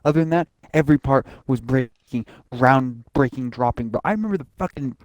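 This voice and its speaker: A young man hosting a casual podcast, talking excitedly and swearing often, acting out game scenes in quick voices. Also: mid-range voice, no echo. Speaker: podcast host. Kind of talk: casual chat.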